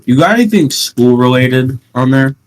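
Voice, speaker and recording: A teenage podcast host at home, chatting casually and rambling through stories with playful sarcasm. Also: male voice, mid-range voice, lively intonation, normal speed. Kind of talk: casual chat.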